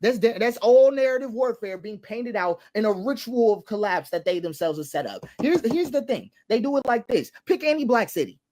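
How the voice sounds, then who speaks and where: A man's voice: extremely high pitch, expressive, moderate pace, hardly any pauses, a little mellow. A man giving impassioned social commentary, stressing points by repeating them, asking rhetorical questions and now and then laughing. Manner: emphatic, repeats key phrases, rhetorical questions.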